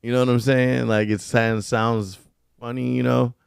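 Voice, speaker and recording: A male podcast host with a smooth, resonant voice, talking through his thoughts in easygoing, rambling chat. He is recorded close on a dry mic. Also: mid-range voice, flat delivery, normal speed, no echo.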